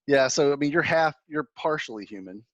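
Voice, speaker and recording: A man's voice: on the high side, expressive, a little fast, dry recording. A man running a tabletop role-playing game, narrating and reacting to his players. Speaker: game master.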